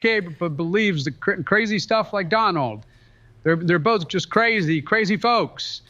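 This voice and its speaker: A man's voice: sits high, expressive, moderate pace, bright, forceful tone, highs cut off. Man doing a stammering, rambling old politician. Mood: grumbling. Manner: stammering, rambling, mixed-up words. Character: rambling elderly male politician impression. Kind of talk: comedic gameplay voice impression.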